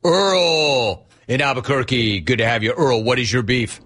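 Husky, riffing male talk radio host. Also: medium pitch, a little slow. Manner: energetic, riffing, mock-exasperated.

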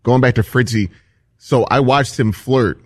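A man's voice: medium pitch, measured pace, no echo. A man on a radio talk show telling a gossipy story in casual chat.

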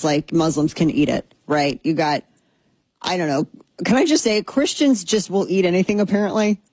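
A woman's voice: fairly low pitch, darkish tone, no echo. A woman hosting a talk show, chatting casually in a sarcastic, rambling way. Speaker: podcast host. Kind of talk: casual chat.

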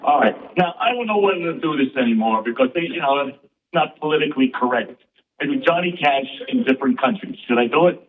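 A man doing stand-up comedy on stage, bantering quickly and playfully with the crowd. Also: medium pitch, animated. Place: stage before a live audience. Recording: tinny far-off stage recording with music.

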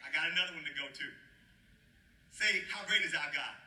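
A man's voice: on the high side, brisk, slight background noise. A man preaching a sermon as pastor, calling on his congregation to answer, laughing often. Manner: lively call-and-response preaching with frequent laughter. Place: church sanctuary. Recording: echoey room, mic at a distance.

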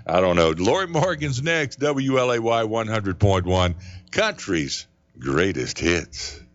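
A deep-voiced man, hosting a country radio show in a folksy, rambling, jokey way. The broadcast sound is slightly muffled. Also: animated, a little slow. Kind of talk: casual radio chat between songs.

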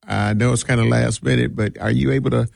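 A man filling in as radio host, talking casually and animatedly, with quick laughs and mock voices. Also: mid-range voice, fairly even intonation, creaky, no room sound, clean studio sound.

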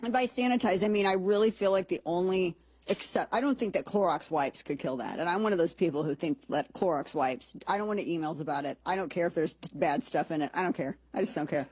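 A woman hosts a casual commentary show, wandering off into sarcastic asides as she goes. Her voice sits a little low and has a husky edge. It is recorded close and dry, with no room echo. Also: fairly quick, a little mellow. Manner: chatty, sarcastic, rambling asides.

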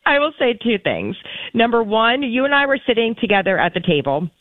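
A woman's voice: on the high side, normal speed, dry recording. Playful woman cohost, voice swoops all over, sounds like a phone line. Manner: playful, animated, laughs often. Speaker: show producer, co-host. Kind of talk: casual banter.

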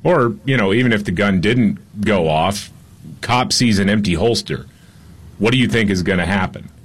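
A man co-hosting a casual political talk show, chatting in a relaxed, wry way. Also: fairly low pitch, moderate pace. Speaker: podcast co-host.

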